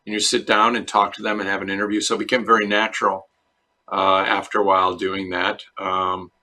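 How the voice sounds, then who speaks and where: A middle-aged man from Chicago, a dentist answering interview questions in a relaxed, storytelling way. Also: low-pitched, fairly quick. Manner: relaxed storyteller, acts out quoted voices. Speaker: dentist guest.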